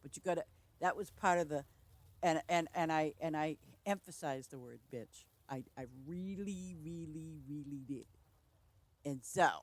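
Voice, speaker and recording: A woman's voice: deep voice, moderate pace, darkish tone. A woman game streamer chatting casually while she plays, rambling through stories with lots of laughter and restarts. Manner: rambling storyteller, frequent laughing, self-interrupting. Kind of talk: casual livestream chat while playing a farming game.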